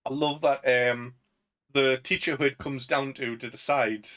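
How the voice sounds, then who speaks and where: Bright-voiced Northern English man chatting. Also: mid-range voice, fairly even intonation, moderate pace. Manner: laughs often, acts out film quotes in raised voices. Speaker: podcast co-host. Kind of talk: casual chat.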